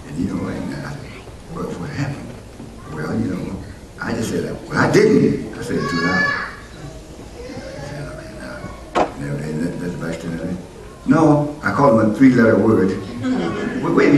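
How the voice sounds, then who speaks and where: Male pastor, low voice with lively swings, heard from far off in a roomy church with noise. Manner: preaching, rising to loud emphatic peaks; conversational asides and questions to the congregation. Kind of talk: sermon. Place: church sanctuary.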